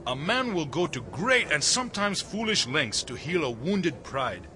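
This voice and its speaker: A man's voice: fairly high pitch, sing-song, unhurried, background noise. An actor playing a polite, formal and wry male tour guide in a radio drama. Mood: courteous.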